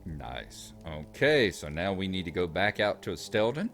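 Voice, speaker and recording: Low, lively male game commentator. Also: normal speed, faint music behind. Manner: reads quest text aloud, chatty asides. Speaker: gaming channel host. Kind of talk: casual gameplay commentary.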